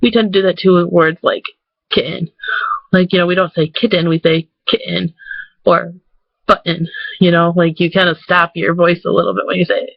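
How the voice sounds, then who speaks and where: A man's voice: sits high, flat delivery, fast talker, gravelly, few pauses, no room sound, highs cut off. A man from Michigan with a Michigan accent, chatting casually to the camera in a rambling vlog, full of "like" fillers. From Michigan, USA. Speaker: vlogger. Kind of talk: casual talking-head vlog.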